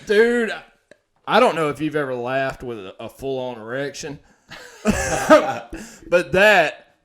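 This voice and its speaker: A man's voice: medium pitch, lively intonation, slow, a crowd in the background. A man co-hosting a comedy podcast, telling rambling stories and breaking into laughter. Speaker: podcast co-host. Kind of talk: casual comedy podcast chat.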